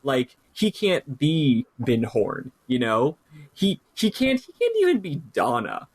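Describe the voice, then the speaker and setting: A man's voice: medium pitch, wildly swooping pitch, slow pace, slightly rough, dry recording. A man co-hosting a podcast, chatting casually about a TV show, rambling with many fillers and restarts. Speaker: podcast co-host.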